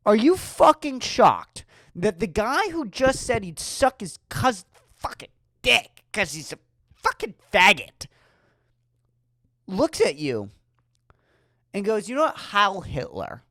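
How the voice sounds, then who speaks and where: A woman's voice: mid-range voice, very animated, slow, long pauses, fairly bright tone, dry recording, studio quality. A woman hosting a solo podcast, ranting with profane, sarcastic rhetorical questions. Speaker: podcast host.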